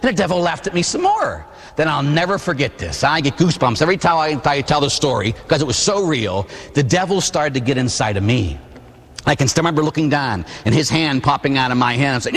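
A man from Pittsburgh giving a Catholic testimony sermon, telling a personal story with comic, animated energy. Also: on the high side, fairly quick. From Pittsburgh, USA. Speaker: Catholic preacher. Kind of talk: testimony sermon to a live audience. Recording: long hall reverb.

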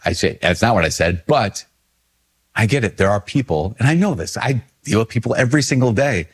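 A man, a priest, talking casually on video, animated and self-deprecating. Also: a little fast, breathy edge. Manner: animated, self-deprecating, jumps in pitch for quoted asides.

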